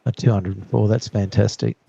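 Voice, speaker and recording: Aussie male co-host reading the live chat; friendly, talkative, relaxed. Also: on the low side, a little fast, gravelly, slightly rough, lo-fi sound. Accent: Australian. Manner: friendly, chatty, greets viewers. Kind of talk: casual live stream chat. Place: outdoors at an airport.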